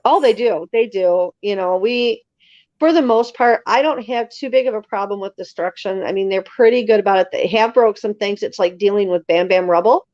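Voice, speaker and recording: A lively woman, an interview guest, tells stories casually and acts out other people's lines. Her voice is mid-range at a normal speed with no echo. The recording has a muffled, slightly dull lo-fi sound.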